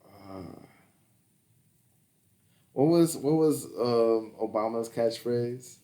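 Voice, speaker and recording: A man chats casually as a podcast co-host, taking his time over every sentence. He laughs often, swears freely and rambles through fillers, at an ordinary middle pitch. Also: lively intonation, extremely slow, dark tone. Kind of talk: casual chat.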